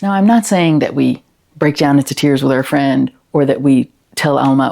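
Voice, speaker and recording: A woman giving a talk to educators, explaining gently and asking the listener questions. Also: extremely low pitch, fairly even intonation, moderate pace, vocal fry. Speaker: educator and consultant.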